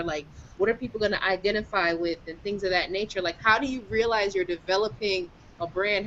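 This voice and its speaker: Lively outspoken woman on a call, a bit muffled sound. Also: medium pitch. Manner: lively, outspoken, laughs easily. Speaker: group call participant. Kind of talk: casual group call. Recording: dull call audio with faint noise.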